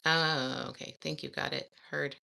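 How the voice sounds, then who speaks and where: Giggly woman with a gravelly voice. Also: very deep voice, flat delivery, moderate pace, pushed and bright. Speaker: language learner vlogger. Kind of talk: casual study vlog, reading exercises aloud.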